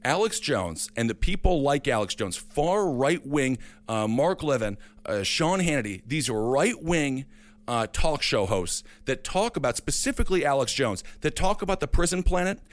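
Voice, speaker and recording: A man's voice: medium pitch, sing-song, normal speed. A man from Wisconsin hosting a political talk show, making emphatic points and repeating them for effect. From Wisconsin, USA. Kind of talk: political commentary chat.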